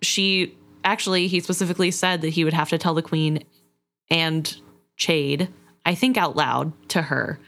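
A woman's voice: low voice, fairly even intonation, normal speed, a bit bright. A woman discussing a book, thoughtful and sympathetic, often hedging her views.

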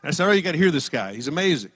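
A middle-aged male preacher tells stories from the pulpit in an easy, conversational way. His voice sits a little high and moves a lot, rising sharply when he quotes someone. The sound is dry and close. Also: racing, husky, no echo. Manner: conversational, storytelling, lively emphasis on quotes. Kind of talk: sermon with personal stories.

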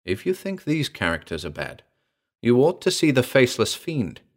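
A man's voice: medium pitch, big pitch swings, normal speed. Sniffing, accusing young woman, voiced by a male reader. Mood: knowing. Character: scornful pale young woman.

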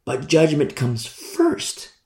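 A man's voice: on the high side, wildly swooping pitch, slow, dark tone, roomy sound. A male pastor preaching a fiery sermon and acting out scenes from scripture.

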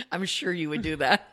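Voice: medium pitch, bright, forceful tone. A podcast co-host in casual chat, bantering and laughing along.

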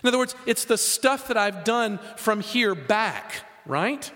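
Man preaching, high voice, lively swooping pitch, echoing hall. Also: unhurried. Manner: animated, emphatic, rhetorical questions. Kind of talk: sermon. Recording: reverberant hall.

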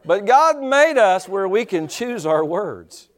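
A male pastor preaching a sermon in an animated way, full of rhetorical questions and chuckling asides. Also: high-pitched, slow pace.

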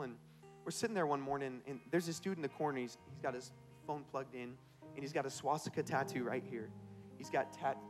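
Brief: young-sounding male preacher, rapid and punchy, slightly high voice, faint music under him. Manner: energetic, casual storytelling with slang. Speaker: pastor. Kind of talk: sermon. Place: church service.

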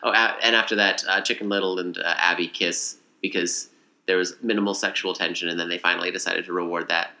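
A man casually recapping a movie in a rambling, animated way. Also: low-pitched, fast. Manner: rambling, animated retelling with acted quotes. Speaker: podcast co-host.

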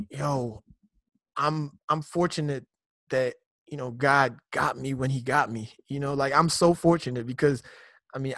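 A man's voice: fairly high pitch, no echo, clean studio sound. Slangy Nigerian-raised man telling his testimony. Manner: animated storytelling with slang and repeated words. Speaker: guest. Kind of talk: personal testimony in casual conversation.

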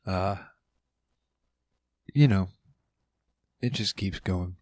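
A man's voice: low voice, steady tone, measured pace, long pauses, darkish tone, no echo. A man hosting his own podcast, rambling loosely and swearing casually, with playful asides. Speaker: podcast host. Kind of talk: casual solo podcast chat.

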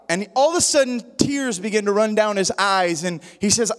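Man, high voice, sermon, preaching cadence, reverberant church. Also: normal speed. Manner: prayerful, builds into sing-song preaching cadence. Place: church sanctuary.

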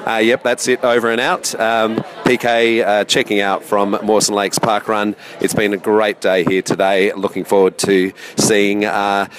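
A man's voice: on the low side, completely flat delivery, measured pace, hardly any pauses, background noise. An upbeat man reporting on location, chatting in a chummy way with many fillers. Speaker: roving reporter. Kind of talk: casual roving interview. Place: busy cafe outdoors. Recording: crowd chatter behind.

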